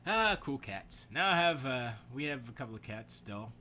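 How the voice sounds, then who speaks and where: A man hosting his podcast and rambling through casual, slangy stories. His bright voice swoops up and down all the time. A faint hiss stays underneath. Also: mid-range voice, normal speed. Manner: animated storytelling with voiced quotes, slangy. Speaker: podcast host.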